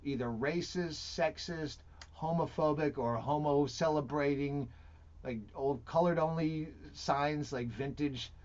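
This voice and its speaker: A comedian guest in casual interview chat, talking in a dry, sardonic, profane way. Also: male voice, a little high, a little slow, darkish tone. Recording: dull lo-fi broadcast audio.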